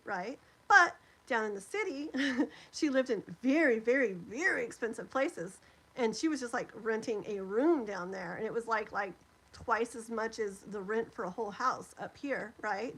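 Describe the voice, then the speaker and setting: A woman's voice: fairly high pitch, breathy edge, rough recording. Chatty woman live-streaming tarot. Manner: chatty, rambling, many fillers. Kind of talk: casual live-stream chat.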